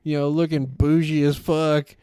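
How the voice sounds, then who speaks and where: A man's voice: on the high side, normal speed, clean tone, no echo, clean studio sound. A man, co-hosting a podcast and telling a long rambling story with lots of swearing. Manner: rambling, profane, animated storyteller. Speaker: podcast co-host. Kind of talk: casual storytelling chat.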